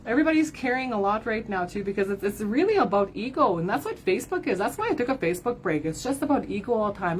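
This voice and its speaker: A woman of medium pitch with big pitch swings talks quickly, barely pausing, on a rough recording with a little hiss or hum. She's a card reader and spiritual advisor giving her followers an emotional livestream reading, speaking candidly, swearing, often saying "right?", and at times close to tears.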